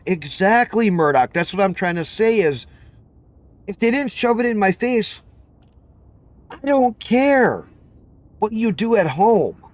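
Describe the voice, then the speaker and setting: High-voiced man ranting. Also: no echo. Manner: ranting, repetitive, blunt and profane. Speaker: livestream host. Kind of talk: heated open chat.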